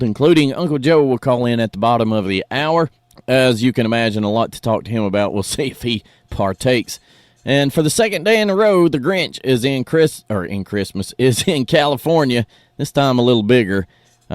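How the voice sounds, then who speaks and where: Animated man hosting morning radio. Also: mid-range voice, no echo, clean studio sound. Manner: folksy, animated, opinionated, says "y'all". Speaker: radio show host. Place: radio studio.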